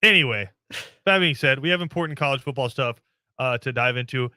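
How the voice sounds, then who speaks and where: A man's voice: mid-range voice, brisk, pushed and bright, clear, resonant tone, no echo. A man hosting a sports podcast in casual, joking banter with his co-host.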